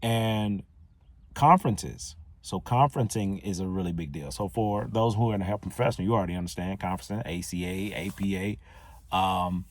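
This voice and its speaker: A man hosting a solo podcast, telling a personal story in a casual, conversational, animated way. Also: low voice, moderate pace. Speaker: podcast host.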